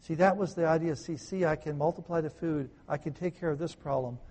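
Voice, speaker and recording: Man preaching with loud-soft swings. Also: on the high side, brisk, breathy edge. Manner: dynamic preaching, swings from loud emphasis to hushed soft tones; asks the listeners rhetorical questions. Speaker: pastor. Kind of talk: sermon.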